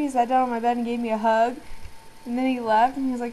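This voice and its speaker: A woman's voice: on the high side, flat delivery, rapid-fire, warm tone, slight background noise, low-quality recording. A teenage girl chatting casually to her camera, rambling and giggling as she tells a story. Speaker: vlogger.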